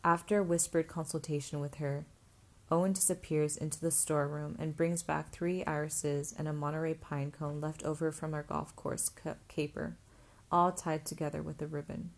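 A woman narrating a first-person novel as an audiobook, in a steady, even reading voice. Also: low-pitched, moderate pace.

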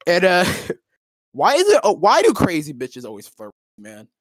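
A man's voice: high voice, huge pitch swings, moderate pace, no room sound. A young man telling a story in casual chat, rambling and profane with many fillers and restarts. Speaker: co-host.

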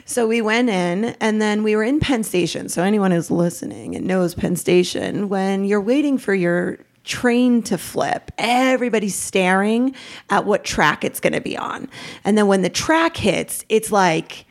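A woman in her thirties, a podcast guest, telling a raw personal story in a lively way, jumping up in pitch when she quotes people. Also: normal speed. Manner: animated, acts out quotes with pitch jumps.

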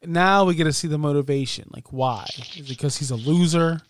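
A man co-hosting a casual wrestling podcast, excitable and rambling, with plenty of ums and fillers. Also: on the high side, a little fast, a little hiss or hum. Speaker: podcast co-host.

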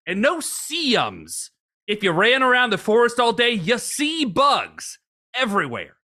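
A man's voice: extremely high pitch, wildly swooping pitch, measured pace, sharp tone, pitched above the performer's own voice, exaggerated voice. A man putting on the voice of a folksy, indignant old backwoods bushwhacker in a comic reading. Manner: folksy, exclaiming, bursts into laughter.

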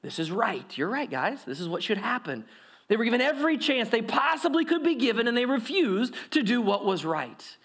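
A man with a high voice delivers a sermon in a lively storytelling way. He jumps between calm explanation and excited, acted-out voices of the crowd, asking the listeners questions as he goes. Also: a little fast, slightly rough. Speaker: pastor.

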